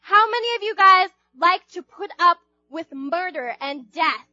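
A woman's voice: extremely high pitch, animated, a little slow, few pauses, sharp tone, no room sound, muffled recording, faint music behind. A young woman giving an informal, chatty sermon to a group, asking the audience questions and acting out quotes. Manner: chatty, playful, acts out quotes, asks the audience. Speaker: youth speaker.

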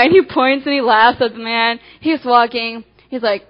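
A woman with a high voice delivers a devotional talk, acting out little scenes as she goes. Her storytelling is animated, rushing ahead and then slowing for emphasis. The sound is dull and lo-fi. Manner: animated storytelling, swinging between quick and slow emphasis. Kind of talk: devotional talk with acted illustrations. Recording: dull lo-fi recording.

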